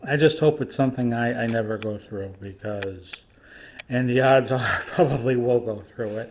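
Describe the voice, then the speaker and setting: A man's voice: mid-range voice, darkish tone. Rambling older man with a dull lo-fi sound. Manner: rambling and folksy, addresses viewers as folks; halting, with frequent restarts. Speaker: vlogger. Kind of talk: casual chat to camera. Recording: dull lo-fi recording.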